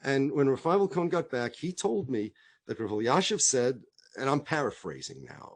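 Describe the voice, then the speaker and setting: A man's voice: mid-range voice, moderate pace. A middle-aged man speaking as a rabbi, telling stories in conversation, acting out the dialogue and repeating himself as he goes. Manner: animated storyteller, acts out quoted dialogue, frequent repetitions.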